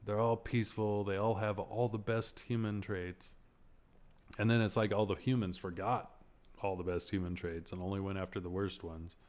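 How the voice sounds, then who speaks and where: A man with a very deep, low voice holds forth as a podcast host. He rambles, swears freely and turns sarcastic, breaking into laughs as he vents. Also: level tone, moderate pace, a little mellow. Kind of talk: casual movie rant.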